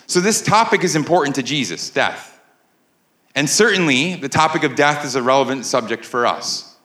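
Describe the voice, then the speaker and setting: A man's voice: medium pitch, lively intonation, moderate pace, bright, forceful tone, echoey room. A man preaching a sermon as pastor to a live congregation, in a conversational way and often asking the room "right?". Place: church sanctuary with a live congregation.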